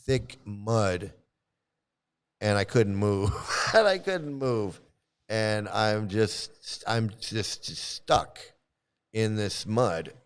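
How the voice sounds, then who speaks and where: A man casually telling a personal story, halting often and repeating his phrases as he restarts. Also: on the low side. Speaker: vlogger recounting past experiences.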